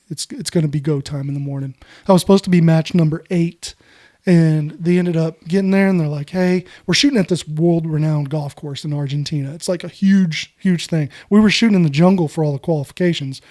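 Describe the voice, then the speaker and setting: Podcast guest: middle-aged American man, casual and animated, fairly high, mellow voice. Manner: animated, fast storyteller who keeps saying "dude". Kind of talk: casual storytelling.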